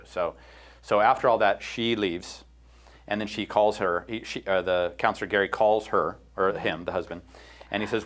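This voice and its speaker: A man's voice: fairly low pitch, steady tone, normal speed, a bit bright. A middle-aged man hosting a casual podcast chat, retelling a counseling story with quoted lines and frequent fillers. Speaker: host.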